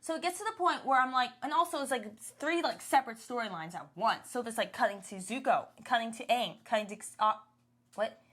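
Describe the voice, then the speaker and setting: A woman's voice: fairly high pitch, brisk, a bit bright. A woman co-hosting a podcast, chatting casually about a show with a lot of "like" and restarts. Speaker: podcast co-host. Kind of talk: casual chat reviewing a show.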